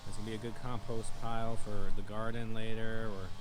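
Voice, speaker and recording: A man giving a casual tour of his backyard farm, explaining things in a relaxed, folksy way. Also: fairly quick. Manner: coos in a high playful voice to animals. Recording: noisy outdoor recording. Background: farm animal noises and outdoor ambience.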